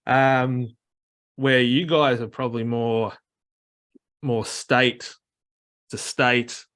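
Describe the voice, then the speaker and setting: An Australian man talking in a loose, rambling way, with plenty of ums and asides. His voice sits at an ordinary middle pitch. He explains things patiently in a relaxed conversation. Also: drawn-out words, smooth. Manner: rambling, many fillers, mimics other accents. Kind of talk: casual chat.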